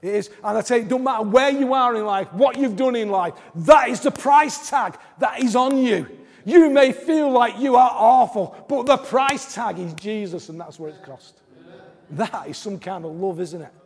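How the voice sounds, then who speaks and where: Male preacher, high and husky, repeats phrases, loud bursts then hushed lines, large hall reverb. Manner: repeats phrases, swings from loud and fast to quiet and slow. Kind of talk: sermon. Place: church service in a large hall.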